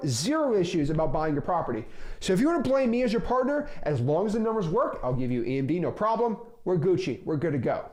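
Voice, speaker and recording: A man's voice: high voice, big pitch swings, fast, a little mellow. A man coaching real estate wholesaling, talking energetically and acting out both sides of sales calls. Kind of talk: instructional talk with role-played calls.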